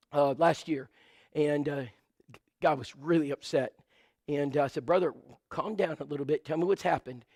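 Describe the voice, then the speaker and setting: A high-pitched man preaches a sermon, telling stories and rattling off lists of supplies while making asides to the congregation. The recording has no echo.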